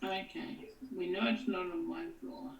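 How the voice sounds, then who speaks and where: A woman's voice: on the low side, level tone, measured pace, slight background noise. A woman playing a character in a tabletop role-play, speaking casually. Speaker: player. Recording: echoey, distant mic.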